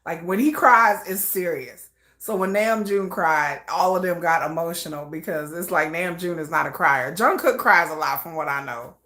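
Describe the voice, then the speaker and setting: A woman giving casual live reaction commentary, chatty, trailing off into soft murmurs and then jumping into excited bursts. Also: deep voice, normal speed.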